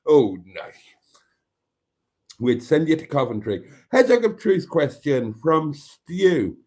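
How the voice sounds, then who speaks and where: A man's voice: on the high side, big pitch swings, slow, a little mellow, husky. Chatty man hosting a live stream. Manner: chatty, reads viewer comments aloud and greets them. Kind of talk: casual live stream chat reading comments.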